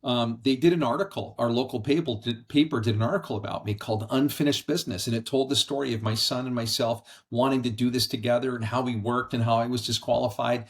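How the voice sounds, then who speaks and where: A middle-aged man, a podcast guest, telling a personal story in an earnest, animated conversational way, speaking from a house. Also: medium pitch, fast, few pauses. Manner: earnest, animated storyteller acting out quoted voices. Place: brother-in-law's house.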